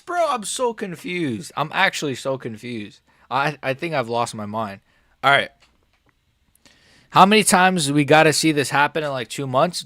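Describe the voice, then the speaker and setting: Excitable young man reacting to fights live. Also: medium pitch, no echo, clean studio sound. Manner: excitable, swears a lot, says "bro" often; swings between shouted outrage and quiet muttering. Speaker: MMA reaction streamer.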